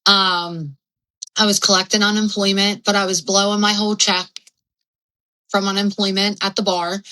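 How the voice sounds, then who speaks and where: A woman's voice: medium pitch, sharp tone, rough recording. A young adult woman telling her own story candidly as a podcast guest, rambling and frank with lots of fillers and swearing.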